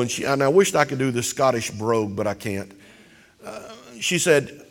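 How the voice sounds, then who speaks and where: Male pastor, sermon delivery, lively swooping pitch, gravelly edge, long church reverb. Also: normal speed. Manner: impassioned preaching, building to loud cries.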